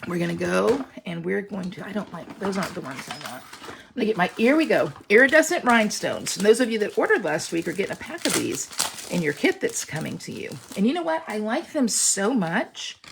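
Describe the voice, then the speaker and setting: A woman talks viewers through a stamping project in a casual, chatty demonstration. Her voice has a gravelly edge and swings lively up and down in pitch, and she keeps reassuring her audience as she works. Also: brisk, background noise. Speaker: online stamping class instructor.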